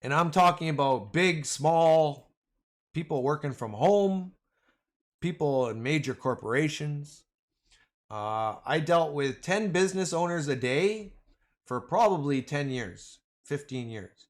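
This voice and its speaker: A man's voice: fairly high pitch, lively intonation, slow pace. Guy rambling on a livestream, jokey and slangy, voice jumping all over. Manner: rambling, joking, slangy, calls viewers boys and man. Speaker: livestream host. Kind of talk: casual livestream chat.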